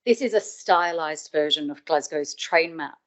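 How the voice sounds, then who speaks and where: A middle-aged woman with a fairly low voice tells a personal story at a webinar. She talks in a conversational, reflective way and leans on the lines she quotes. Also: a little slow, a bit bright. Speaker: webinar speaker.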